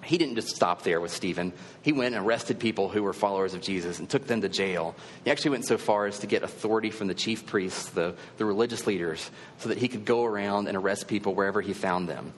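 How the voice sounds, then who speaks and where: A man's voice: fairly low pitch, fast talker, in a large hall, a little hiss or hum. A male preacher giving a sermon in a conversational, earnest storytelling manner.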